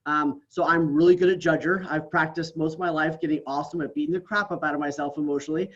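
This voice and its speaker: This man's voice sits on the high side, steady in tone and a bit bright, and he talks fast; the sound is lo-fi. He's guesting on a podcast, speaking earnestly in a casual interview and frequently ending thoughts with "right?"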